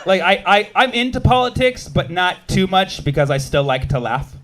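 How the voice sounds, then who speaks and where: A US comedian in his thirties riffs with the crowd at a club, quick and animated throughout his set. His voice is high-pitched, and the recording carries a slight hiss or hum.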